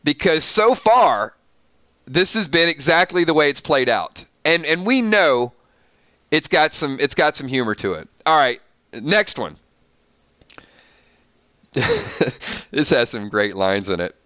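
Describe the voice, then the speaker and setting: Male recap host, bright clear voice, dry close sound, laughs through his sarcastic reading. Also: fairly high pitch, lively intonation, slow pace, pauses often, no room sound. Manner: laughing often, sarcastic asides. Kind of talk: casual TV recap reading from an article.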